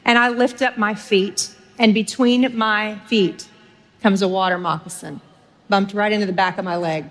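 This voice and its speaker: A woman's voice: medium pitch, fairly even intonation, moderate pace, fairly bright tone. A middle-aged woman from Texas, preaching a sermon and telling stories with humor while speaking directly to her audience.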